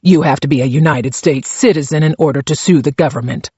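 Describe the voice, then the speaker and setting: Man voicing a calm pleasant female investigator. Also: fairly high pitch, slightly rough, no echo, dull audio. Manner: pleasant, measured, quietly pointed.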